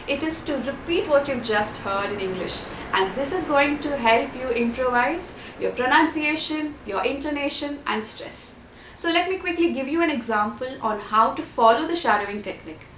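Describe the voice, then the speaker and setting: A woman's voice: high voice, lively intonation, normal speed, a bit bright, echoey room, slight background noise. A woman giving a scripted online exam-prep lesson, listing tips and repeating key points. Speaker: IELTS tutor.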